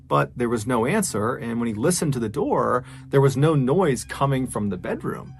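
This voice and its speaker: A man's voice: medium pitch, expressive, fairly quick, hardly any pauses, a little hiss or hum. A man telling a true-crime story in a casual, conversational way, with frequent filler phrases. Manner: casual, conversational, many "you know" fillers. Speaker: host and storyteller.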